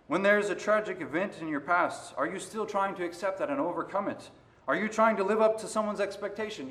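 A man preaching a sermon, moving between quiet stretches and loud, emphatic passages. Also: high voice. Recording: roomy echo.

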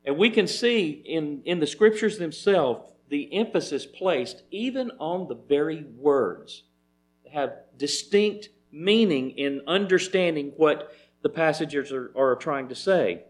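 A man's voice: a little high, lively intonation, a little slow. A man giving a methodical Bible teaching, citing chapter and verse with frequent restarts and fillers.

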